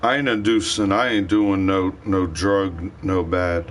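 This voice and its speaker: A man's voice: sits low, fairly even intonation, measured pace, slight background noise. A man livestreaming a rambling, profane rant in heavy slang.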